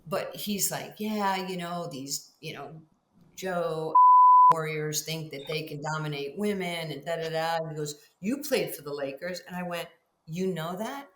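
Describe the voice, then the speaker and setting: Animated storytelling woman, roomy sound. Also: deep voice, unhurried, heavy background noise. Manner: animated storyteller who acts out both sides of conversations. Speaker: guest, Hall of Fame basketball player. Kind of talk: podcast interview storytelling.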